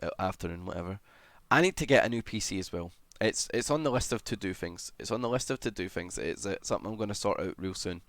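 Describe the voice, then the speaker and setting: A man streaming live, chatting casually as he reads and answers comments, with sudden excited shouts. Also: on the low side, quick pace, few pauses, no room sound. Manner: chatty, greets viewers, bursts into excited shouts.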